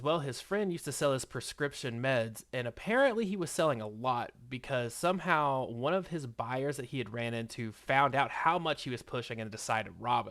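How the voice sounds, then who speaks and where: A man in his thirties telling a story in a casual, slangy, animated way, full of exclamations. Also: mid-range voice.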